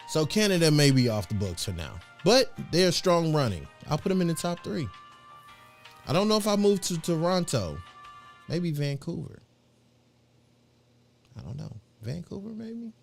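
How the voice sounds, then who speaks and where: A man's voice: on the high side, wildly swooping pitch, a little slow, creaky, pauses often, faint music behind. A middle-aged man hosting a live show, chatting in a rambling, slangy way with lots of fillers. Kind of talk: casual livestream chat.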